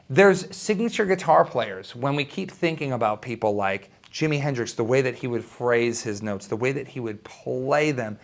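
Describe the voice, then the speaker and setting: A young man teaching a guitar lesson, talking in an enthusiastic, conversational way with quick asides. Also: medium pitch. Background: electric guitar playing.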